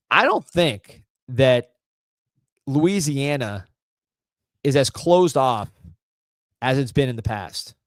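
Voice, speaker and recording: Man, fan sports livestream host, casual animated talk, mid pitch, dry sound. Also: dry recording. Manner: animated, reads viewer comments aloud.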